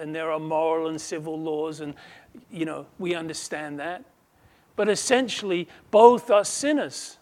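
A man preaching a sermon, emphatic, swinging between loud declarations and quiet asides, acting out quoted voices. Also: high voice. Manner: slow, measured delivery with quoted voices acted out.

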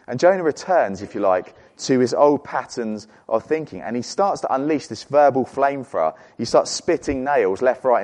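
A man preaching a sermon, earnest and animated, often repeating words as he goes. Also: medium pitch.

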